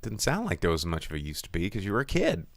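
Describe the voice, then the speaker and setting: A man hosting a casual movie podcast, an animated storyteller who acts out voices and sound effects. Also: low-pitched, fast, dry recording, clean studio sound. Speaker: podcast host. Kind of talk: casual chat about movies.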